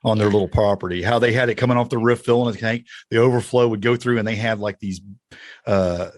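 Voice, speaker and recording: A man with a folksy Indiana-Tennessee twang chats easily on a podcast, chuckling now and then. His voice sits low. The recording is close and dry. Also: fairly even intonation, fast, no room sound. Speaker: podcast co-host. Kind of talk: casual podcast chat.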